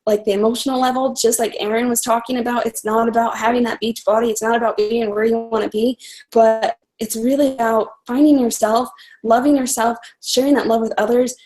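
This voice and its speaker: A woman's voice: on the high side, flat delivery, darkish tone, rough recording. A young woman coach telling her personal story in an earnest, heartfelt way on a live group call. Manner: earnest, heartfelt, talks fast with restarts.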